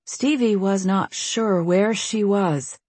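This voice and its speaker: A woman narrating an audiobook with tense, steady storytelling. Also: mid-range voice, slow pace, husky, no room sound. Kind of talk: scripted narration.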